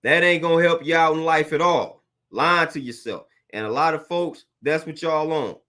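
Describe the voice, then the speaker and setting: Speaking at a normal speed in a high, bright, pushed voice, a young fitness trainer delivers a blunt motivational rant to camera. He gets preachy, leans on slang and says things more than once.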